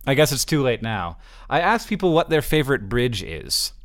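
A man from Florida co-hosting a casual podcast chat, talking with many false starts and restarts before landing his point. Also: medium pitch. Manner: halting, with many restarts, animated. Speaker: podcast co-host.

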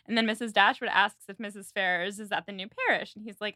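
A woman's voice: mid-range voice, fast talker, few pauses, dry recording, clean studio sound. A woman co-hosting a podcast, chatting casually and acting out the characters' lines as she recaps a film. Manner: animated, acts out characters' lines. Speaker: podcast co-host.

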